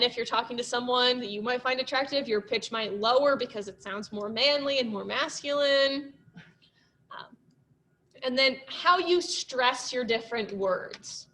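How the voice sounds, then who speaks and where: A woman's voice: on the high side, fairly bright tone. A young woman giving a casual classroom presentation, chatty, with lots of "um" and "like" fillers. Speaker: student presenter.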